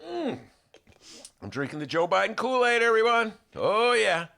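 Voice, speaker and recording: Animated male podcast host with lively pitch. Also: moderate pace, creaky. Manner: animated, jokey, slips into impressions. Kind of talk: casual studio chat. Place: radio studio.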